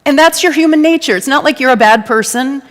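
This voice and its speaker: A woman's voice: high-pitched, quick pace, in a large hall. A woman giving a conversational, playful sermon to a congregation and asking them to answer back. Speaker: guest speaker at a church service. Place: church sanctuary before a congregation.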